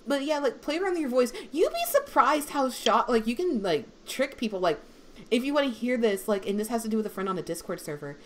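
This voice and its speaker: A young woman voice actor with a deep voice, chatting casually on a livestream and rambling with many fillers. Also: sing-song, brisk. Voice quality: deep female voice.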